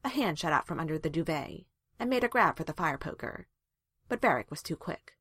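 Woman reading a story out loud, deep voice, dry close sound. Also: expressive, brisk, husky, dry recording. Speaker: reader. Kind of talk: storybook narration.

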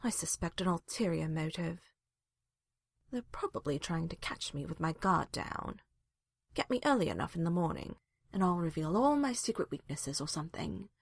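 A woman's voice: lowish voice, lively intonation, moderate pace, gravelly, slightly rough, exaggerated voice. A woman voicing a groggy young woman buried in blankets, mumbling and whiny with sleep. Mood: sleepy grumbling.

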